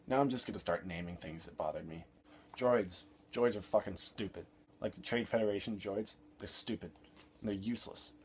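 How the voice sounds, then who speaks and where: A man's voice: on the low side, mellow, slight background noise. A young man reviewing a film in an exasperated, sarcastic rant, swearing freely.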